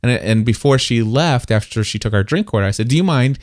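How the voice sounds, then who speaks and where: A middle-aged man hosting a podcast in casual conversation, telling stories and getting animated when he quotes people. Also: fairly low pitch, fairly quick, dry recording, clean studio sound. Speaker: podcast host.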